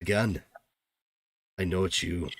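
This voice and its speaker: A man growling as a gruff dwarf thug. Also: low-pitched, steady tone, a little slow, slight background noise. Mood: smug. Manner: blunt, threatening, clipped. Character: gruff male dwarf thug, menacing and suspicious.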